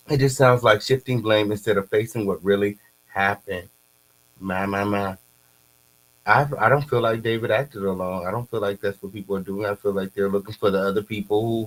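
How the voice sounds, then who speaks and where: Casual dude reading posts out loud, gets loud and squeaky when hyped, little hum behind. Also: male voice, rough recording. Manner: animated, repeats catchphrases, pitch jumps up when excited. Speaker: commentary host. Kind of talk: casual commentary reacting to posts.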